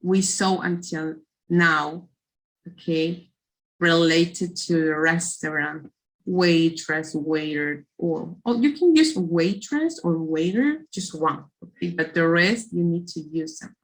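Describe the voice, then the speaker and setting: A woman's voice: on the low side, expressive, rough recording. A woman whose first language is Spanish, teaching an English class and giving instructions, repeating herself and checking in with "okay". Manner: slow, repetitive explaining with frequent "okay".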